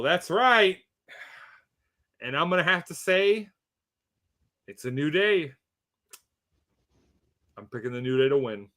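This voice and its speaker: A man co-hosting a casual podcast of wrestling predictions, talking in an animated way with theatrical reveals. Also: a little high, slow pace, pauses often. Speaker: podcast co-host.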